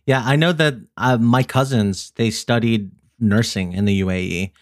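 A young man chats casually on a podcast, telling a story with lively energy and acting out each person's lines. His mid-range voice sounds close and dry, with no room around it. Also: medium pitch, moderate pace, no echo. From Filipino family. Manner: animated storyteller who acts out the people in his story. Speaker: podcast host.

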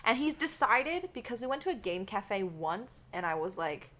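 A woman from Canada chats casually as a podcast co-host, telling stories with lively energy and frequent swearing. Her voice sits at a middle pitch. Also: moderate pace. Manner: animated storytelling, swears freely. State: itchy. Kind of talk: casual chat.

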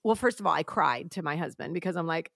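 A woman's voice: sits low, fast, creaky, a bit bright, no room sound, clean studio sound. A young woman co-hosting a casual podcast, telling self-deprecating stories in a chatty way. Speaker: podcast co-host. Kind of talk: casual chat.

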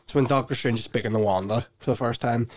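A man's voice: mid-range voice, quick pace, a little mellow. Interrupting young man. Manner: jumps in and talks over his co-host. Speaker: podcast co-host. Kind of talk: casual chat.

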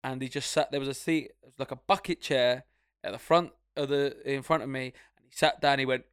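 A man's voice: mid-range voice, steady tone, a little fast, smooth, no echo, studio quality. A young man, co-hosting a podcast and telling stories in casual, sweary chat, acting out the other people. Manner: swearing storyteller, acts out voices. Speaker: podcast co-host.

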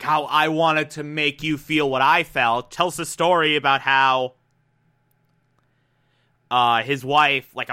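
A man casually recapping a TV episode, animated and profane, acting out characters' lines as he goes. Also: on the high side, clean tone. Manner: animated, profane, quotes characters mid-story. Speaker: TV recap commentator.

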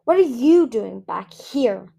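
A woman's voice: high voice, lively intonation, normal speed, darkish tone, voice pushed up. A woman voicing a bossy, scornful male jungle dragon who scolds sarcastically. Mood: scolding.

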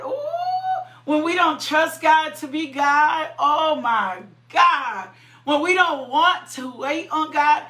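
A woman preaching a sermon, slow and fervent, repeating her phrases, praying aloud and breaking into high cries and laughter. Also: fairly bright tone, echoey room.

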